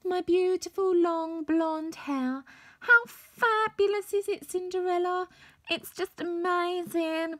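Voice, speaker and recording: Brief: woman voicing a showy princess doll, very high and bubbly. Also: slow, a bit bright, no echo, studio quality, exaggerated voice. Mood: vain. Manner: gushing, showy. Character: vain cheerful princess doll with long hair. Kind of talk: doll role-play for children.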